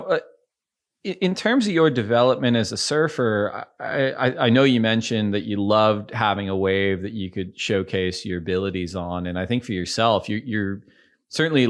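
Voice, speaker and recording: Low-voiced man hosting an interview. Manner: thoughtful, halting, restarts before long questions. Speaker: podcast host. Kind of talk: conversational interviewing.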